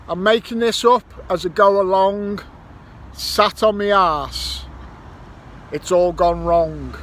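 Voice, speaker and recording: Outdoors beside a roundabout near a petrol station, a male Irish metal detecting vlogger delivers a casual monologue. He speaks slowly in a high, bright voice, swearing, grumbling and improvising rhymes, while passing traffic murmurs faintly behind him.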